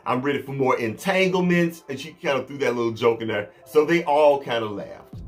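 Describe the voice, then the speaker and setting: A man chatting casually to camera as a celebrity gossip vlogger, talking in quick asides to his viewers and often restarting his sentences. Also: mid-range voice, fairly bright tone.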